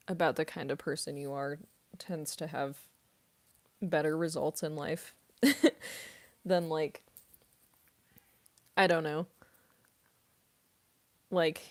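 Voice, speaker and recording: A young woman and voice actress chatting in a quiet, soft-spoken late-night Q&A at home, laughing often. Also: low voice, no echo. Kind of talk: casual late-night Q&A chat.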